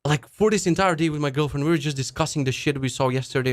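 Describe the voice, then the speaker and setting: A man's voice: fairly high pitch, soft background music. Profane, ranting male podcast host. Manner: swears a lot, restarts sentences, mocks people in quick put-on asides. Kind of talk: casual profane rant.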